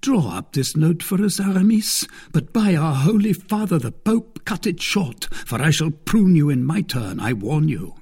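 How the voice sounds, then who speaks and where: A man voicing a hot-headed young male swordsman who speaks impatiently and emphatically, with a husky tone. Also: a little high, sing-song, moderate pace, few pauses, darkish tone, voice pushed up, full character voice.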